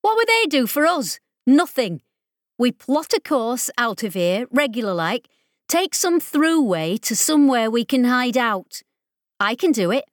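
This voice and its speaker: A woman's voice: on the high side, expressive, measured pace, dry recording, studio quality, pitched above the performer's own voice. A woman doing a furious, swearing woman mechanic. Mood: urgent. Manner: shouting, swearing, scornful. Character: foul-mouthed furious woman mechanic speaking through speakers.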